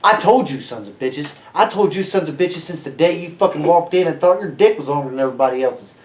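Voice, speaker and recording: A young man co-hosting a sports podcast, ranting loudly with plenty of swearing. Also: a little high, lively intonation, fast, roomy sound, slight background noise. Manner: brash, ranting, heavy swearing. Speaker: podcast co-host. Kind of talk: profane sports podcast banter.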